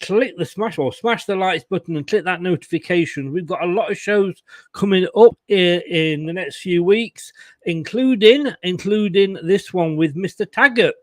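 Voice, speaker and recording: A man's voice: sits high, a little slow, no echo. A man hosting a casual football fan show, jokey and teasing, laughing often. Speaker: host.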